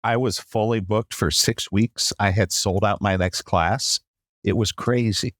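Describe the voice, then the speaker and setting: A middle-aged man with a low, deep voice tells his story as a podcast guest. He acts out his quoted rants and keeps coming back to "long story short". The recording is close and dry. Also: steady tone, unhurried, fairly bright tone, no room sound.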